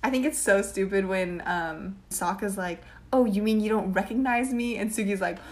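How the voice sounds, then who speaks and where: Young woman, podcast co-host, animated, curses freely, big dramatic quote impressions, mid pitch. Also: moderate pace, few pauses. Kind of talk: casual chat.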